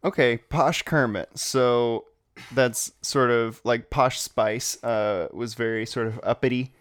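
A man's voice: medium pitch, fairly even intonation, slow pace, a bit bright, smooth, dry recording. A man hosting a comedy podcast, playing along with the bit in a dry way and laughing often. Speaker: podcast host.

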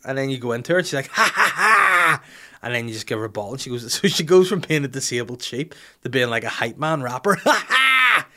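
A man's voice: mid-range voice, very fast, few pauses, fairly bright tone. A man, telling a rambling, jokey, self-mocking story in casual chat. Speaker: podcast host telling an anecdote.

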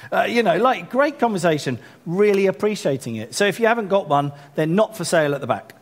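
A man with a high-pitched voice, talking a little fast, leads a church gathering as pastor. He breezes through announcements while making fun of himself and turns animated when urging the congregation forward.

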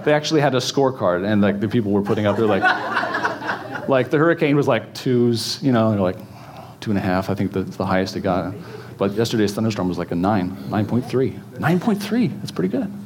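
A man's voice: lowish voice, fairly quick, a crowd in the background. A man preaching a casual sermon, chatty and joking with the congregation, with many fillers and restarts. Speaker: pastor. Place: church in front of a congregation.

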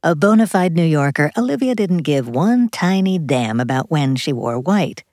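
A woman narrating a novel as an audiobook, in expressive, measured storytelling. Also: deep voice, no echo, clean studio sound. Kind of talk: scripted narration.

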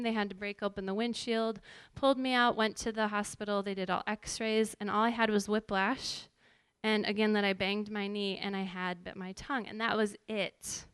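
A woman's voice: medium pitch, a bit bright, clean tone, dry recording. A woman worship pastor in her thirties telling a personal story in a casual, conversational way, full of fillers and asides. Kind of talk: personal testimony.

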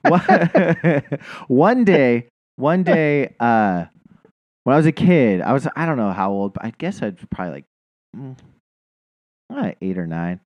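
Podcast co-host, male, swearing storyteller, very lively pitch. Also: measured pace, dry recording, muffled recording. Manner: profane, rambling, self-mocking. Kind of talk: casual storytelling chat.

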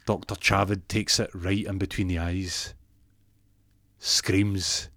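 Man, comic storyteller, low voice, dry close sound, animated character voices. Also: takes it slowly, no echo.

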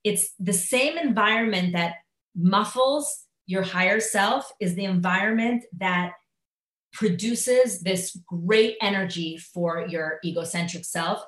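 Woman teacher, mid-pitched, animated live classroom talk, roomy echo. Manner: animated, acts out inner voices, many fillers. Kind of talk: live lecture on Jewish thought. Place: classroom at a school.

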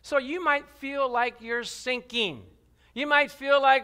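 Bright, high-voiced man preaching a sermon. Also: a little slow, smooth. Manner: animated, laughs often, calls out to the congregation; voice drops low for scripture and rises to loud cries. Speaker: pastor.

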